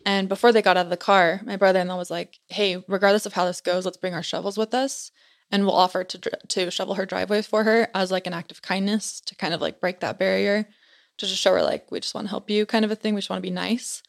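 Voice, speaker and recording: A young woman telling an eerie story in a loose, chatty way, leaning on "like" between phrases. Her voice sits at a middling pitch, and the delivery stays casual and conversational. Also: fairly even intonation, fast talker, creaky. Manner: chatty, frequent "like" fillers.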